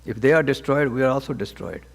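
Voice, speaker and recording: A man as a swami teaching a scripture class, speaking gently and haltingly with frequent restarts and repeated words. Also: medium pitch, creaky. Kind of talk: spoken scripture class with counseling advice. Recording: long reverb of a hall.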